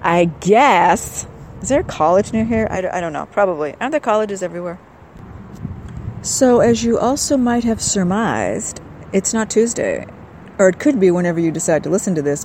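Speaking in a medium-pitched voice over background noise, an older female podcast host chats about her trip in a wry, rambling way. It's a casual travel-vlog monologue, recorded first outdoors and then indoors while she's traveling.

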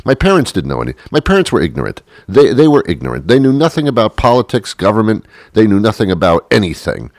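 A man's voice: lowish voice, very animated, fast talker, few pauses, a little mellow, no room sound, clean studio sound. A man doing a rambling, sarcastic comedic monologue, putting on other people's voices as he tells it.

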